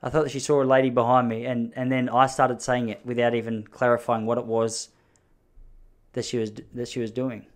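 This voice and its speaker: A man in his thirties talks alone into his podcast mic, rambling from thought to thought. He jokes and pokes fun at himself. His voice sits at an ordinary middle pitch. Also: flat delivery, a little fast. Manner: rambling, self-mocking, jokey asides. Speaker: podcast host. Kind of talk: solo podcast monologue.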